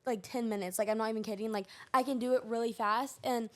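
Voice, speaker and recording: Young hoarse female co-host, high pitch, bubbly and chatty. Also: steady tone, fast, fairly bright tone. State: hoarse from cheer camp. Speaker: podcast co-host. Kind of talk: casual chat.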